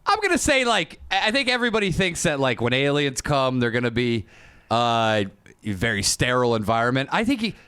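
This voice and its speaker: A man co-hosting a comedy podcast, swearing and laughing through casual banter. His pitch swings widely as he jokes. The sound is dry and close to the mic. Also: sing-song, fairly quick, sharp tone, smooth, no room sound. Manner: crude, joking, laughs often. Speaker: podcast co-host.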